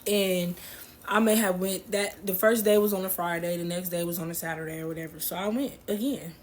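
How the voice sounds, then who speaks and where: A woman's voice: fairly low pitch, fairly even intonation, a little fast, a little mellow, slight background noise. A woman casually telling a personal story to her viewers, slangy and laughing as she goes.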